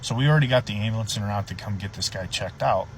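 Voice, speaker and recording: A man, a sheriff's deputy, casually telling a story in a profane, animated way. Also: lowish voice, fast, slight background noise, low-quality recording.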